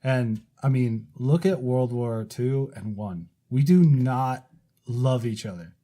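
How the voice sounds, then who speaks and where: A man's voice: medium pitch, slow, dark tone. A man co-hosting a casual podcast, joking, laughing often and cursing freely. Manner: joking, laughing, crude interjections. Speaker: co-host.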